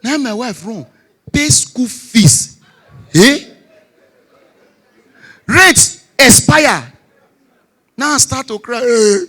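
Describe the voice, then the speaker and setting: A man in his forties tells stand-up comedy stories in a Nigerian Pidgin English accent. He shouts the punchlines and drops his voice low for asides.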